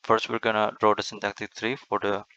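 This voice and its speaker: A man's voice: on the low side, completely flat delivery, brisk, sharp tone, clean tone, no echo, dull audio. A man teaching in a screen-recorded lecture, explaining step by step and often restarting his words, recorded close to a desk mic.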